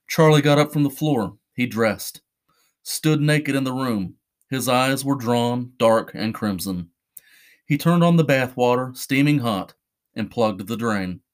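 A male podcast host reads a dark short story aloud. His delivery is measured and deliberate, with a voice of middling pitch for a man. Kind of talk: horror story narration.

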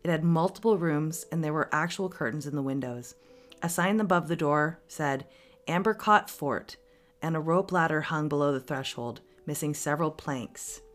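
A woman podcast host reading a story aloud with steady, expressive narration. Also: low-pitched, normal speed, soft background music.

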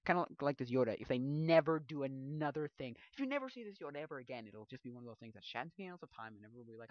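A man in a casual commentary, mumbling through a passage he reads aloud, then ranting loudly and mocking people in put-on voices. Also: mid-range voice, expressive, very fast, hardly any pauses, dry recording, muffled recording.

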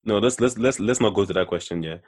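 A man's voice: fairly low pitch, fast, darkish tone. A young man on a casual podcast who rants and restarts his sentences often. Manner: stammering restarts, ranting. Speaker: podcast co-host. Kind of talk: casual chat.

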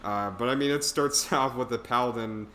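A man's voice: mid-range voice, moderate pace, bright, forceful tone, slight background noise. A man casually reviewing a bad film on a podcast, rambling with lots of fillers and laughs. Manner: rambling, filler-heavy, laughs at own jokes. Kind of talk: casual chat.

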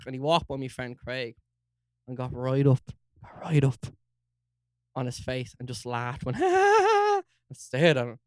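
A young man with a Dublin accent, co-hosting a podcast, telling a story in an animated way, swearing and acting out quotes. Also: mid-range voice, normal speed, pauses often, clean tone, no echo, studio quality. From Ireland. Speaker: podcast co-host. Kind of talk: casual storytelling chat.

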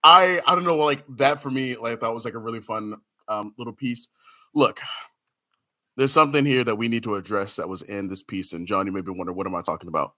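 A man chatting as a podcast panelist, animated and self-deprecating, breaking into laughs as he talks. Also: on the low side, fast talker. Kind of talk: casual chat.

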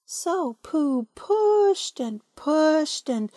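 Unhurried, expressive woman storyteller. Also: high voice, dry recording, clean studio sound. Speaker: storybook reader. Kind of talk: read-aloud children's story narration.

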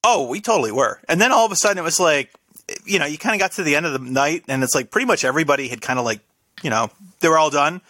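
A man's voice: on the high side, lively intonation, fast, bright, forceful tone, dry recording. A young man telling a rambling story in casual conversation, often ending his sentences with "right?".

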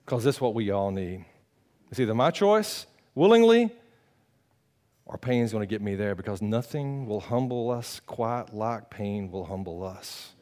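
Animated preacher man. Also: on the low side, unhurried. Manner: animated, swings between loud bursts and quiet earnest talk; conversational, teasing the congregation. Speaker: pastor. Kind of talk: sermon.

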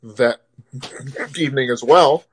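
A man telling a story in casual podcast chat, animated, swearing and laughing, acting out quotes loudly. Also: mid-range voice, slow pace, slightly rough.

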